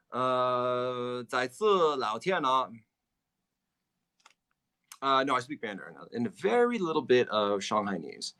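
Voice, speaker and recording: A man's voice: medium pitch, very animated, takes it slowly, pauses often, sharp tone. A man from Philadelphia hosting a casual livestream, answering his chat, laughing often and repeating himself. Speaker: livestream host.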